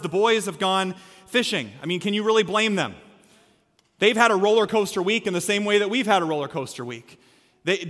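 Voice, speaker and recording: A man preaching a lively, joking sermon as a pastor, acting out the lines he quotes. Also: high-pitched, in a large hall. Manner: energetic, humorous, acts out quotes. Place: church sanctuary.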